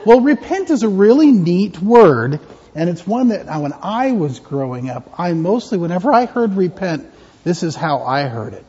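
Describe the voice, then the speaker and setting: A pastor gives a playful children's sermon, his voice high, lively and a bit husky. He leads the kids along gently, and the sound echoes around a big church hall on a dull lo-fi recording. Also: moderate pace. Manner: playful, interactive, gently teaching. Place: church sanctuary.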